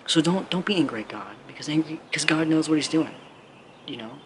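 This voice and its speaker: A man's voice: a little high, fairly quick. Earnest man rambling to camera. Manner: earnest, rambling, heavy use of 'like'. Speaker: motivational speaker. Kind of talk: casual direct-to-camera talk. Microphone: camera mic. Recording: clear steady background noise.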